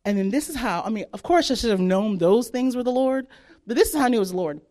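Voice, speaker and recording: A woman recounts her faith testimony in a loose, chatty way, leaning on "like" and replaying her own past thoughts. Her voice sits a little high and jumps around a lot as she tells it. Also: fast. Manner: animated, filler-heavy with frequent "like", acts out her own past thoughts. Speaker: speaker sharing a personal faith testimony. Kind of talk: casual spoken storytelling.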